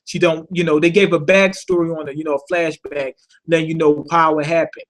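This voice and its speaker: A man's voice: fairly high pitch, a little fast. A man recapping and reviewing a cartoon episode in a loose, casual way, swearing freely, full of slang and fillers, often asking rhetorical questions. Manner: animated, thinks aloud with rhetorical questions.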